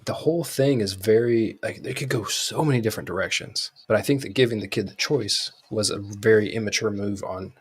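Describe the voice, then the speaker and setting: A man's voice: on the low side, a little fast, few pauses, husky. A man co-hosting a podcast, talking in a rambling way with many fillers and restarts. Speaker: podcast co-host. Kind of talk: casual chat.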